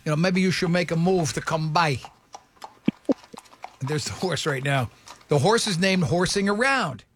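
A man hosting a morning radio show, telling a rambling, self-mocking story in a casual, animated way. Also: fairly high pitch, normal speed, noisy background.

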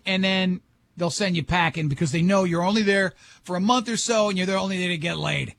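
A man's voice: sits high, fairly quick, creaky, fairly bright tone, dry recording. A middle-aged man hosting a talk show, telling rambling, joking stories in casual chat. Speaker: radio show host.

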